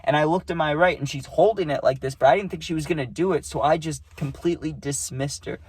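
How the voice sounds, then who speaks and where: A man's voice: fairly high pitch, quick pace, a little mellow, slightly rough. A young man casually telling a story in a rambling, slangy way, cursing and saying dude a lot.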